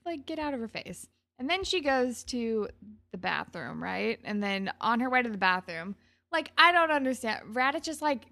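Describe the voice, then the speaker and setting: A woman's voice: medium pitch, vocal fry, a bit bright. A woman co-hosting a casual podcast, chatting and giggling as she recaps a TV episode. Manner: chatty, giggly, many "like" fillers. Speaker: podcast co-host.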